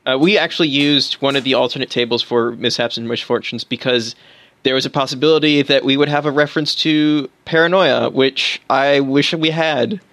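A man's voice: mid-range voice, moderate pace, a bit bright, no echo. A man co-hosting a casual podcast about tabletop games, talking enthusiastically with fillers and restarts. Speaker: podcast co-host.

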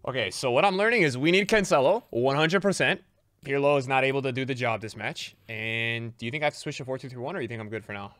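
A young adult man giving live commentary over his own video game matches, excitable, jumping from loud yelps to low muttering. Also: fast talker, dry recording. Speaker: gaming video creator.

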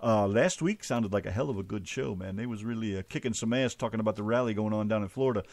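A man's voice: fairly low pitch, quick pace, crowd noise. A middle-aged American man hosting a casual radio show from a truck, rambling and joking with plenty of swearing. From United States. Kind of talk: casual talk radio banter.

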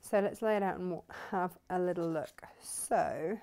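A woman's voice: lowish voice, moderate pace, darkish tone. Woman, sewing demonstration host, chatty, enthusiastic, thinks aloud.

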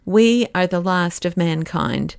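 A hopeless middle-aged inspector who speaks quietly and grimly, as a woman narrator voices him. The voice is smooth and the recording is dry and close. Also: lowish voice, animated, slow pace, no room sound, full character voice. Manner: quiet, grim.

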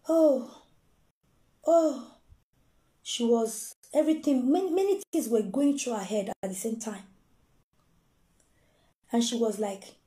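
A woman's voice: on the high side, unhurried, long pauses, echoey room. A Nigerian woman telling a story in a casual, dramatic way, acting out the voices of the people in it. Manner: dramatic, animated, acts out quoted voices. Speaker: storyteller host.

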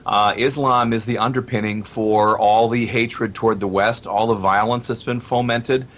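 A man who heads a radio station, speaking as a talk show guest in a measured, deliberate way. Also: on the low side, steady tone, fairly bright tone.

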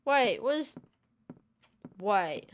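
A woman's voice: mid-range voice, sing-song, very slow, slight background noise. A young woman playing a horror game and commenting in a joking, self-mocking way. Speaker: gamer. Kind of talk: let's play commentary.

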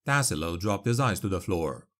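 A man narrating a dark fantasy audiobook in a grave, measured way. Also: low-pitched, big pitch swings.

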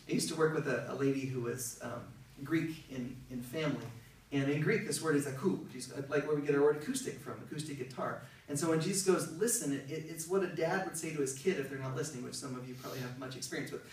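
A man's voice: a little high, fast talker. A male pastor preaching a sermon in a conversational, emphatic way. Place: church hall. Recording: very echoey, from far off, faint noise.

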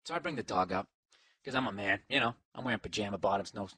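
A middle-aged podcast host with a Boston accent rambles through a profane, sarcastic comic monologue and talks to his dog. His voice sits on the low side, husky, bright and forceful, and he talks fast. The recording is dry.

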